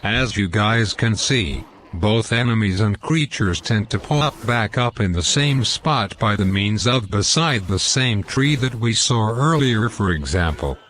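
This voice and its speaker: A man narrating a game walkthrough, deliberately reading out lore and in-game quotes. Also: lowish voice, lively intonation, a bit bright, a little hiss or hum. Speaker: gameplay commentator.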